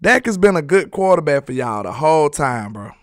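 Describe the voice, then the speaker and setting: A man's voice: fairly high pitch, big pitch swings, a little fast, no room sound, studio quality. A man hosting a casual sports live stream, reading viewer comments aloud in a loose, slangy, repetitive way and laughing often.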